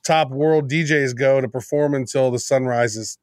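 A man's voice: medium pitch, fairly even intonation, no echo, studio quality. A man guesting on a podcast, talking casually and teasing his co-host as he tells of upcoming trips. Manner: quick, teasing storyteller.

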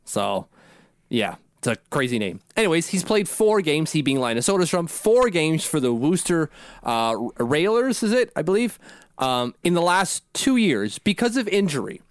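Man, sports podcast co-host, rambling and self-mocking, slightly high voice, dry close sound. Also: big pitch swings, normal speed, no room sound. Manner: rambling and self-deprecating, laughs at himself. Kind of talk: casual sports podcast chat.

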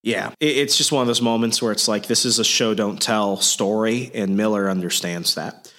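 Man, fairly low voice, laid-back profane podcast recapper. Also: normal speed, fairly bright tone. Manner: casual, profane, lots of fillers. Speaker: comic book podcast host. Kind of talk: casual chat.

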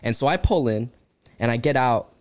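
Animated young man telling a story. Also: mid-range voice, normal speed. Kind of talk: casual chat, storytelling.

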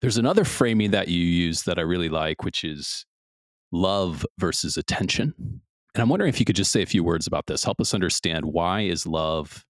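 A man with a very low voice hosts a podcast conversation. He speaks thoughtfully and reflectively, and the recording sounds dry and close. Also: animated, fairly quick, no room sound. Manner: reflective, thoughtful, often checks in with "right?". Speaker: podcast host. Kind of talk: casual interview chat.

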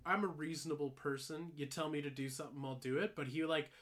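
A man's voice: on the high side, steady tone, fast talker, fairly bright tone. A young man casually telling a long story on a podcast, rambling with many "like"s, swearing and laughing along the way. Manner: rambling, full of "like" fillers, laughs while telling stories, swears freely. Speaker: podcast co-host.

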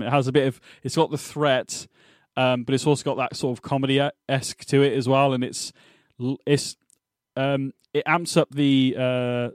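A man's voice: mid-range voice, dry recording, studio quality. A man co-hosting a podcast, chatting casually about a TV episode and rambling and correcting himself as he thinks aloud. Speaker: podcast co-host. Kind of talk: casual chat reviewing a TV episode.

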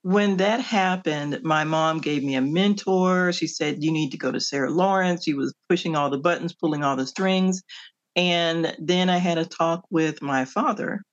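A middle-aged woman from the Midwestern United States, an author answering interview questions in an animated storytelling way, laughing often. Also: low-pitched, a little slow. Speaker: author guest. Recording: dull lo-fi audio.

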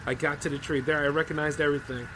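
A man's voice: fairly high pitch, little pitch movement, rapid-fire, background noise. Man casually reading horror stories. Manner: loose, conversational asides full of 'like' and 'man'. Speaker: podcast host.

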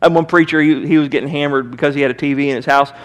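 High-voiced preaching pastor, emphatic. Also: male voice, fairly even intonation, very fast. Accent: Midwestern American. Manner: emphatic, conversational preaching with acted quotes. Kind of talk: sermon. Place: church sanctuary.

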